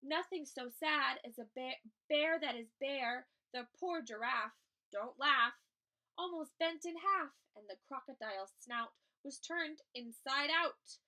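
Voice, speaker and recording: A woman's voice: sits high, measured pace, bright, forceful tone, rough recording. A woman teacher reading a children's picture book aloud, expressively acting out the animals. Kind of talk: children's story read-aloud.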